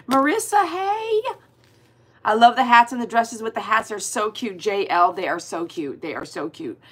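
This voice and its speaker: A woman's voice: medium pitch, a bit bright, husky. A woman hosting a livestream, chatting casually and greeting viewers by name. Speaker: dog groomer hosting a livestream.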